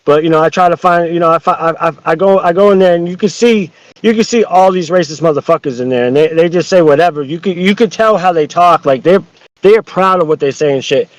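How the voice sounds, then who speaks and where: Brief: rapid-fire, slightly high-voiced man ranting as a podcast guest, profane and full of restarts. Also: no room sound. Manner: heated, profane, rambling with many restarts. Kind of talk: casual podcast chat. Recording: dull lo-fi dry sound.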